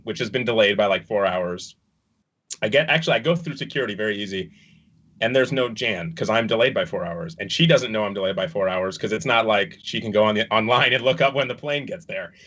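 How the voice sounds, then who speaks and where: A man's voice: mid-range voice, pushed and bright, highs cut off. A man casually recounting his work on a dance production, rambling with fillers and restarts, on a video call. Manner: rambling, with many fillers and restarts, chuckling at times. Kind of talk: casual recounting in an online panel discussion.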